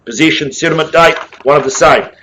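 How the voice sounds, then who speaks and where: Jovial New auctioneer, brisk patter. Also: male voice, a little high, pushed and bright, slight background noise, poor audio. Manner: brisk, jovial patter with quick asides to bidders. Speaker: real estate auctioneer. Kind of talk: live property auction calling. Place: auction room with bidders present.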